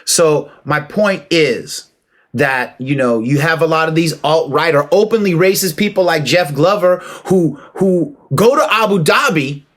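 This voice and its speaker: A man giving a casual, emphatic opinion monologue, preaching and calling out to listeners with rhetorical questions and shout-outs. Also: a little high, a little slow. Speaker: martial arts commentator.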